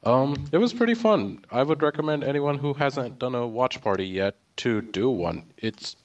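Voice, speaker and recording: A man co-hosting a casual group chat, relaxed and casually profane. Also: mid-range voice, normal speed. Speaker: podcast co-host. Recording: dull lo-fi sound.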